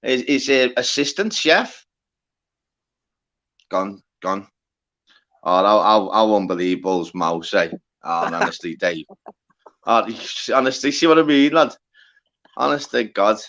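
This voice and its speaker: A man's voice: on the low side, expressive, measured pace, long pauses, a bit bright, highs cut off. A man hosting a live stream, rambling and repeating himself in casual chat.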